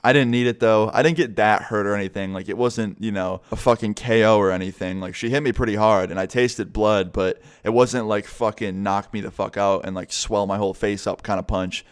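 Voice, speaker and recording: A man's voice: fairly low pitch, a little fast, hardly any pauses, smooth. A young man casually telling a story to his vlog audience, swearing freely and acting out what others said. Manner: casual, profane, animated retelling. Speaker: vlogger.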